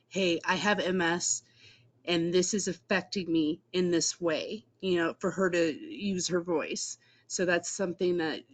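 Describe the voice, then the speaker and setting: A support group member speaking in a casual video-call chat, supportive and thoughtful, with reflective pauses. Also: mid-range voice, fairly bright tone.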